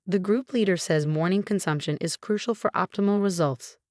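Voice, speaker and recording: A woman's voice: lowish voice, brisk, darkish tone, dry recording, studio quality, lightly acted. A woman voicing a pushy middle-aged mother who talks in a sweet, insistent sing-song. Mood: coaxing.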